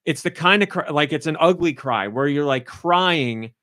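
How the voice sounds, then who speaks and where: A man's voice: on the high side, lively intonation, moderate pace, sharp tone, no room sound. Rambling, effusive podcast man. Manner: rambling and effusive, heavy use of "like". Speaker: podcast co-host and game reviewer. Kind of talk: casual podcast chat.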